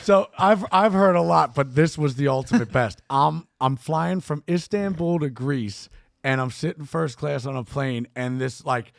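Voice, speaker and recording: A man with a high, gravelly voice recounts stories in a lively way, swearing as he goes and slipping into other people's voices. His voice is recorded close and dry, with almost no room sound. He talks as a casual podcast guest. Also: moderate pace, dry recording. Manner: animated storyteller who acts out people's voices; swears freely. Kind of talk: casual anecdote telling.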